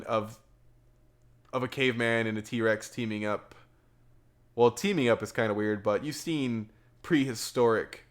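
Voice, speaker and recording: A young man hosting a casual livestream film review, excitable and rambling, repeating words and filling gaps with ums. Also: lowish voice. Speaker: podcast host.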